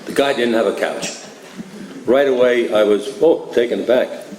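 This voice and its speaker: A man's voice: mid-range voice, moderate pace, crowd noise. An older man from New York telling his story to a meeting in a humorous, conversational way, often adding "you know" and "right?". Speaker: AA speaker. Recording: echoey hall, faint noise.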